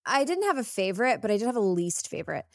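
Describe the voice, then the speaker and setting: A young woman co-hosting a podcast in casual chat, animated, emphatic and quick to laugh. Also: on the high side, no echo, studio quality. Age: young adult. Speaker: podcast co-host.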